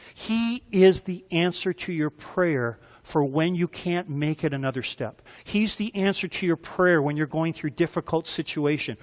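A male pastor delivers an emphatic sermon in a church sanctuary, his voice sitting a little high for a man. He keeps turning questions back to the congregation to draw them in. A long reverb trails each phrase through the hall.

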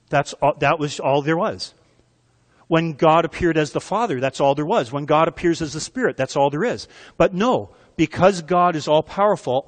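A man preaching with an animated, teaching manner, tossing questions out to the room. His voice sits a little high for a man. A long hall reverb trails each phrase. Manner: animated teaching with quick asides and questions to the crowd. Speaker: pastor. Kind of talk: sermon.

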